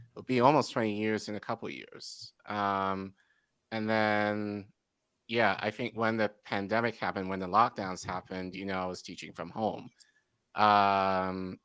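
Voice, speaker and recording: A man in his forties with a lowish, smooth, bright voice speaks as a guest on a video call. He is relaxed and hesitant, pausing on fillers, and the sound is dry and close. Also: no echo. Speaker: guest, preschool teacher. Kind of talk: casual panel chat.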